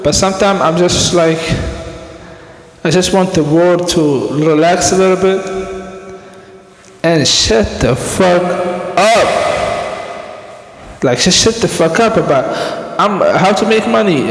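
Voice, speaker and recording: A man who talks in a slow, halting, reflective monologue and often restarts his sentences. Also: high-pitched. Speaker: podcast host. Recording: echoey room with long reverb.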